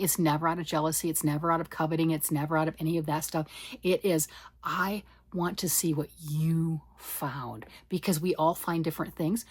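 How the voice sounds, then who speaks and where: A woman with a low, husky voice hosts a knitting podcast, rambling and poking fun at herself as she chats casually with listeners in a monologue. There's no room sound.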